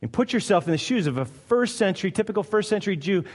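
A man's voice: high voice, lively intonation, fast, few pauses, darkish tone. A male pastor delivering a sermon, emphatic and conversational, firing off rhetorical questions. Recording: long hall reverb.

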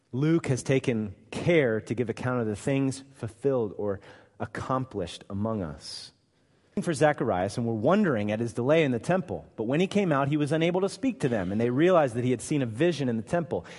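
A man preaching a sermon, acting out the Bible's dialogue with bursts of loud emphasis. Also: medium pitch. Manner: animated, acts out scripture dialogue with sudden loud emphasis. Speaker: pastor. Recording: long hall reverb.

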